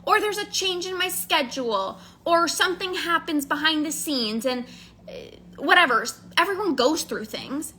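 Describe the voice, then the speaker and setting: A woman's voice: sits high, expressive, normal speed, sharp tone, slight background noise. A woman coaching in a casual, candid monologue, earnest and emphatic, often repeating phrases for stress. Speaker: emotional eating coach.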